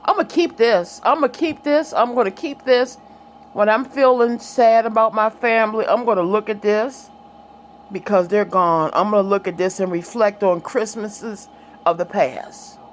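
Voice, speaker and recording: A woman's voice: mid-range voice, normal speed, a little hiss or hum. A middle-aged woman vlogging in a casual, chatty way, telling stories, laughing often and talking to her viewers and a child. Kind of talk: casual chat, reminiscing.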